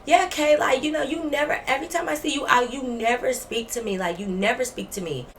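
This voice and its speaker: A woman mimicking her young female college roommate in a whiny, high-pitched voice while telling a story. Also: expressive, brisk, recorded from a distance, slight background noise, natural voice.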